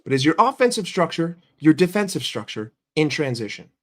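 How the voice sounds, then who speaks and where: A man's voice: on the high side, sing-song, fairly quick. A young man ranting on a livestream about his football team, swearing a lot and firing questions at his chat. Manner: profane, heated and argumentative. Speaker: football streamer.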